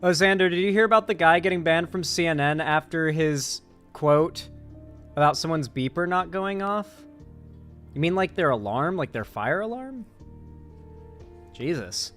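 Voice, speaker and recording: A man's voice: on the high side, animated, normal speed, pauses often, a bit bright, faint music behind. A young man hosting a political stream, reading chat and rambling casually with restarts.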